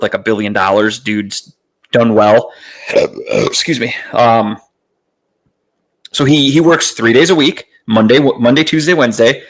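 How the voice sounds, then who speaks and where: A man hosting his own podcast in a casual, rambling way, swearing freely and filling pauses with "uh". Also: medium pitch, fairly bright tone. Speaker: podcast host. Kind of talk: casual solo podcast chat. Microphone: streaming setup mic.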